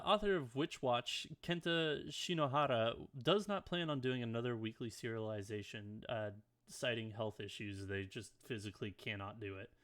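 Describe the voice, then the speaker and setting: At home with his dog by his chair, a man co-hosts a casual podcast, reading anime news headlines. Between items he drops blunt, swearing asides, his medium-pitched voice a bit bright.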